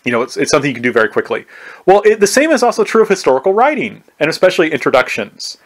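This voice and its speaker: Chatty man lecturing, higher voice. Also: very animated, very fast. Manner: conversational, repeats "right?" often; restarts and stumbles often. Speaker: history professor. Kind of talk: recorded lecture.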